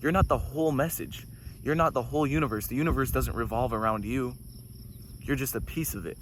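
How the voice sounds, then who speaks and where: A man talking in a casual, preachy spiritual monologue, getting excited and swearing casually as he goes off on tangents. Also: medium pitch, fairly quick, a little hiss or hum. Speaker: host.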